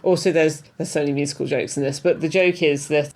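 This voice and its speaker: A woman's voice: sits low, steady tone, darkish tone. A woman co-hosting a podcast, talking casually about a book and laughing often. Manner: chatty, laughs often, quick asides. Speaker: podcast co-host.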